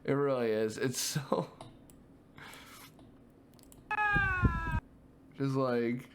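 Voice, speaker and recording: A man's voice: mid-range voice, steady tone, very slow, slight background noise. A young man giving casual, rambling reaction commentary on animal clips as a streamer, laughing often.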